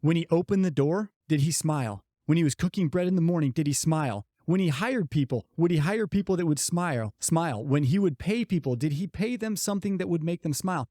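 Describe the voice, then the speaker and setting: Earnest storytelling man, mellow voice. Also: a little high, animated, dry recording, clean studio sound. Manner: earnest storyteller, slows down to stress key points. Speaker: podcast co-host. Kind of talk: motivational podcast talk.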